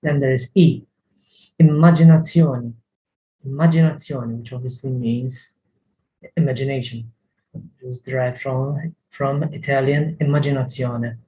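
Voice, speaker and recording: A man's voice: mid-range voice, fairly even intonation, measured pace, mellow, muffled recording. A man teaching a language lesson, carefully repeating words to model pronunciation, often hesitating.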